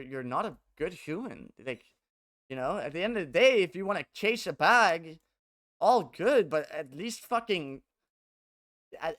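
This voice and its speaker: A man's voice: high voice, fairly bright tone. A young man who plays esports and streams, ranting casually to his viewers, agitated and profane, with many stumbles and restarts.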